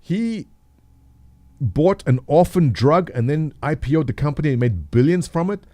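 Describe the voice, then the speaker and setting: A man's voice: fairly high pitch, animated, normal speed, warm tone, dry recording. A man in his thirties, host of a livestream, chatting casually and jokingly, answering viewers by name. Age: 30s. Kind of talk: casual chat with live chat readers.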